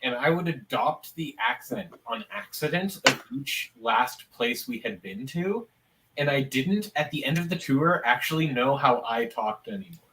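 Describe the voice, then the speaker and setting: A man's voice: fairly high pitch, sing-song, moderate pace, heavy background noise. A man from California telling a wry, laughing tour anecdote in casual chat.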